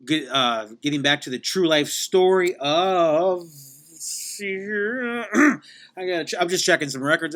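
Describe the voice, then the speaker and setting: A man hosting a podcast, telling a mock life story in a rambling, halting way with many restarts. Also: fairly high pitch, pushed and bright. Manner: halting, full of fillers and restarts. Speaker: podcast host.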